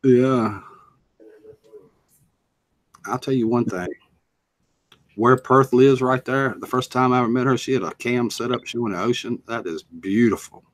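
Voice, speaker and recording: A man's voice: mid-range voice, measured pace, long pauses, dry recording. Folksy Southern man chatting on stream. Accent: Southern American. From North Carolina, USA. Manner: folksy, drawling, greets viewers. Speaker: live stream host. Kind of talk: casual live stream chat.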